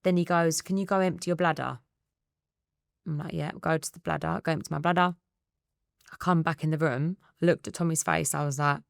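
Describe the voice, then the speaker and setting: A woman in her thirties with an Essex accent, a guest telling her story in a candid interview, quick and acting out the dialogue. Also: deep voice, steady tone, gravelly, no room sound, studio quality. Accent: Essex English. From England. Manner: rapid storytelling that re-enacts dialogue.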